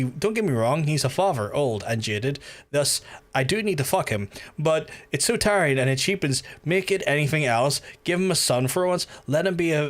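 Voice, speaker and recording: A man streaming a video game, rambling and swearing in chatty asides to his viewers, close to his microphone. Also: mid-range voice. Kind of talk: casual gameplay livestream commentary. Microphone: close to the mouth.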